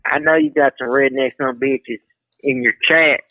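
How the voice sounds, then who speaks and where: A man's voice: medium pitch, steady tone, normal speed. Rambling man on a tinny phone line. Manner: rambling, repeats words, drawling. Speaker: caller. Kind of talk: casual call-in banter.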